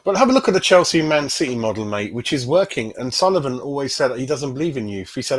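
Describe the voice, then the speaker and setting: Man, fan channel host, casual stream chat, mid-pitched voice, says mate constantly. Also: lively intonation, fast talker, few pauses. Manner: chatty, says mate constantly, many tag questions.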